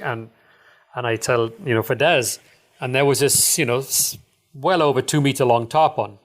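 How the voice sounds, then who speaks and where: Middle-aged guy, dive shop owner, rambly excited storytelling, lots of ums, chuckles a bunch. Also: medium pitch, moderate pace. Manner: rambling and enthusiastic, many fillers, chuckles often. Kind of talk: casual storytelling interview.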